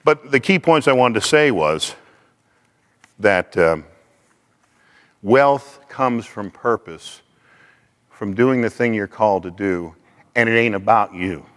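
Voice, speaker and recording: A man giving a faith-based teaching talk in a lively, conversational way, acting out quoted speech. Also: fairly low pitch, takes it slowly, pauses often, long reverb tail.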